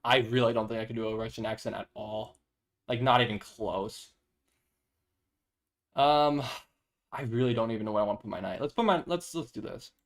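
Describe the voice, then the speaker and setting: A man's voice: medium pitch, normal speed, pauses often. A young man streaming chess, chatting casually, self-deprecating and thinking aloud. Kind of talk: casual live-stream chat.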